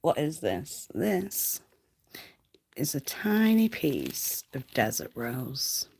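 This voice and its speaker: A woman's voice: sits low, big pitch swings, extremely slow, vocal fry, a little mellow, breathy edge. A woman chatting casually on a livestream, giggly and often dropping to a whisper, close to the mic.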